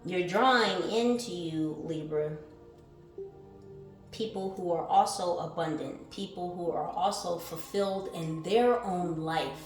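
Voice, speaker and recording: A woman giving a spiritual card reading who swings between calm, musing questions and loud, fired-up exclaiming, reading affirmations aloud and swearing casually. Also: lowish voice, takes it slowly. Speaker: tarot reader. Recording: echoey room with faint music behind.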